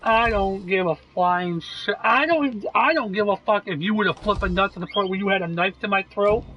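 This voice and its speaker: A man's voice: high voice, normal speed, bright, forceful tone, muffled recording. A man casually talking while playing a game, earnest and reassuring, with plenty of swearing. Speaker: gameplay video creator.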